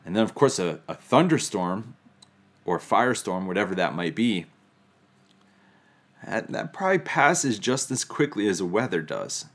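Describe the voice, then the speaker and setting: A man's voice: fairly low pitch, big pitch swings, moderate pace. A man preaching a sermon, teaching reflectively with touches of humor. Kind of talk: sermon on scripture.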